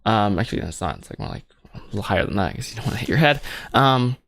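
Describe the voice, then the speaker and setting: Working at his computer, an animator streaming his film project keeps up a rambling, self-deprecating running commentary while modeling, tossing jokes to himself. He talks very fast in a fairly low, sing-song, creaky voice with a fairly bright tone.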